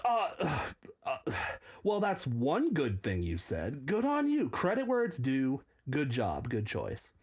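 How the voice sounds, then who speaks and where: A man's voice: mid-range voice, wildly swooping pitch, slow pace, soft background music. A man hosting reaction commentary, sarcastic and mocking. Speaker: commentary host.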